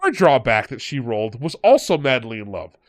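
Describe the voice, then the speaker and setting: Animated man telling a tabletop story. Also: medium pitch, a little fast. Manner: animated, retells players in quoted voices. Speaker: podcast host and game master. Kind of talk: storytelling in casual chat.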